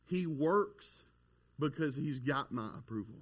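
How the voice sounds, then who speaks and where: A man's voice: mid-range voice, animated, unhurried, husky. A male pastor, preaching a sermon in a folksy, conversational way and telling stories from home.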